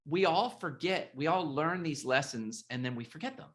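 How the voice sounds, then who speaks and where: A host talking in a casual interview over a video call, halting and repeating words, emotional and animated. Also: medium pitch. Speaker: podcast host and author.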